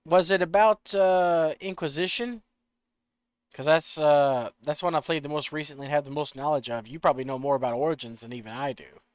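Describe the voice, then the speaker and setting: A man streaming a video game, chatting casually, rambling and swearing in his excitement, with a slight rural American accent. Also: on the high side, a little fast, clear, resonant tone, no room sound.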